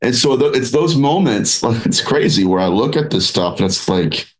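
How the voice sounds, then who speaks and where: A man speaking as a guest in a podcast interview, animated and rambling with restarts, acting out quoted voices as he talks. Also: medium pitch, moderate pace, rough recording. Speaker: paranormal researcher and author, podcast guest. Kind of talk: conversational interview.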